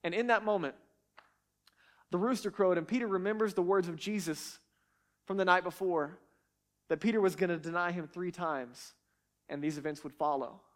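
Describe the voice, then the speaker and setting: A man with a high, light voice teaching from the Bible. He speaks earnestly and emphatically, often stumbling over repeated words as he pushes ahead. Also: normal speed, long pauses.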